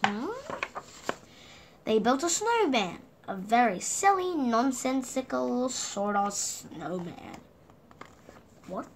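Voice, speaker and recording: Animated woman reading a children's story. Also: fairly high pitch, takes it slowly, long pauses, noisy background. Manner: animated, asks the listening child questions. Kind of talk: reading a picture book aloud to children.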